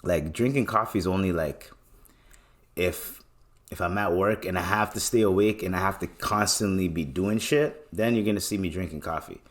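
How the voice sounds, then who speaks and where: A young man from Canada hosting a solo podcast, rambling in a relaxed way with lots of slang and swearing. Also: low voice, moderate pace. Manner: laid-back, swears often, slangy, rambling. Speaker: podcast host. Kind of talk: casual solo podcast talk.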